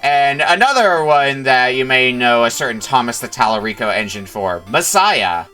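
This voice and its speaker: A man's voice: mid-range voice, expressive, normal speed, sharp tone, faint music behind. A man hosting a retro gaming stream, chatting and explaining while he plays. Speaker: stream host. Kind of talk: casual group chat while gaming.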